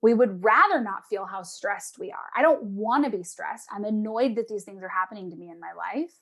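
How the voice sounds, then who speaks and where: Animated woman coach giving advice. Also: mid-range voice, a little fast, few pauses. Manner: animated, acts out clients' voices. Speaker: emotional eating coach, guest. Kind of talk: casual interview talk.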